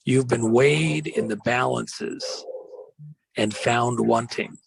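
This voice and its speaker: A man with a very gravelly, creaky voice and a husky edge, telling a story dramatically. He rambles with fillers and drops into slow, weighty phrasing. The sound is dry and close. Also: medium pitch, dry recording, rough recording. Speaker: guest.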